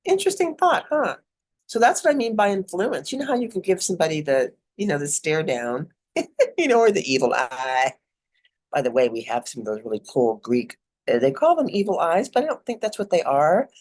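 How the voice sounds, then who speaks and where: A woman's voice: fairly low pitch, sing-song, brisk, a little mellow. A middle-aged woman giving a casual spiritual talk as a mentor, chatty and digressive, often laughing.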